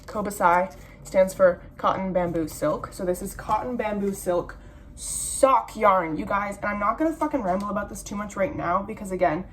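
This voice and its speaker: A woman's voice: mid-range voice, normal speed, fairly bright tone, a little hiss or hum. Casual swearing young woman vlogger. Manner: chatty, swears casually, rambling. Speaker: vlogger, yarn dyer. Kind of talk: casual chatty vlog.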